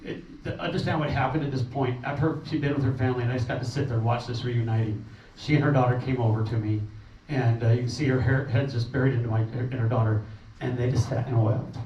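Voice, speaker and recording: A man with a warm, mid-range voice and fairly even intonation talks fast as he shares a refugee relief trip with a meeting audience. His informal delivery is earnest and rambling, including fillers and restarts. The meeting-room recording feels roomy and distant, dull, with faint noise.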